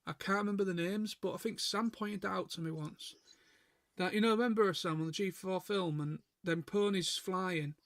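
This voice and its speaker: A man's voice: sits high, moderate pace, dry recording. A man co-hosting a casual chat stream, rambling and chatty, stumbling over and repeating his words. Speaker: stream co-host.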